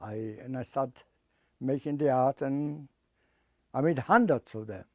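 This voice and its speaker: An older man giving personal testimony as an interviewee, speaking haltingly and emotionally, often repeating and restarting his words. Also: medium pitch, dry recording. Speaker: interviewee, artist.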